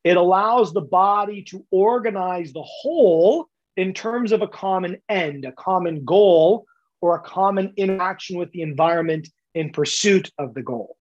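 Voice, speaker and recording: A man's voice: high voice, normal speed, muffled recording. Emphatic man explaining coaching ideas. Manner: emphatic, lecture-like, repeats words for stress. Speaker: podcast guest, coaching expert. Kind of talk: explanatory interview talk.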